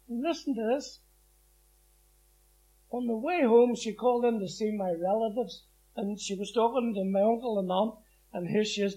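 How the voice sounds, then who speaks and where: Man, middle-aged, high voice, plain-spoken testimony, acts out quotes. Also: normal speed, dark tone, lo-fi sound. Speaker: former prisoner giving testimony. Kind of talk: personal testimony storytelling.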